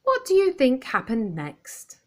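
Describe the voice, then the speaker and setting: A woman reading a children's picture book aloud, clear and expressive for young listeners. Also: high-pitched, measured pace. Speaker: storyteller.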